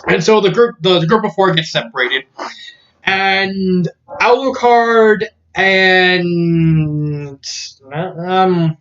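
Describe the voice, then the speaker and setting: High-voiced man, laughing in disbelief. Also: very slow, fairly bright tone. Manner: laughing, incredulous, with many fillers and restarts. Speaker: fan fiction reviewer. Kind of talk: casual spoken review. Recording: dull lo-fi audio.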